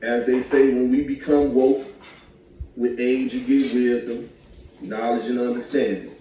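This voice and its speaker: A brash man talks in quick bursts on a live stream, his voice dark and mellow. He sounds far from the mic in a very echoey room. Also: medium pitch, flat delivery, a little hiss or hum.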